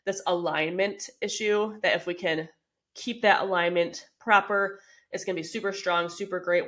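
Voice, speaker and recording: A woman's voice: fairly low pitch, fairly bright tone. A woman in her thirties hosting a podcast, explaining things in a casual, chatty way with many "like" and "um" fillers. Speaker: podcast host, fitness coach.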